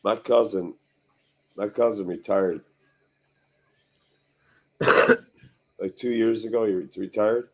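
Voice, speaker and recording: A middle-aged man hosting a garage show, ranting and swearing as he tells animated stories in casual chat. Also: lowish voice, takes it slowly, pauses often. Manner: profane, ranting, animated storytelling.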